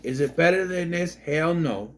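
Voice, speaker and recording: A man's voice: fairly high pitch, expressive, moderate pace, a little hiss or hum. A man, a father, reviewing a movie in a rambling, sarcastic, casual monologue, often repeating himself.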